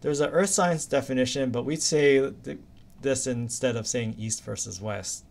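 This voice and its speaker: A man's voice: medium pitch, normal speed, vocal fry, a little mellow. A man from Hawaii, teaching an anatomy lecture in a casual, chatty way. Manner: casual, chatty, uses silly memory stories. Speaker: anatomy instructor. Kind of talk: recorded lecture.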